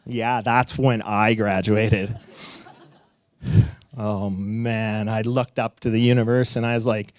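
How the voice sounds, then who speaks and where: A middle-aged man telling a personal story live on stage, animated and swearing at times, leaping up in pitch as he acts out what people said. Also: slow pace, no echo, studio quality. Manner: animated, acts out quotes with big pitch jumps, laughs and swears.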